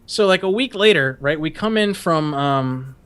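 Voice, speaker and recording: A man's voice: fairly high pitch, lively intonation, normal speed, fairly bright tone, clear, resonant tone. A man hosting a podcast, telling a story in a casual, profane, rambling way and laughing often. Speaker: podcast host.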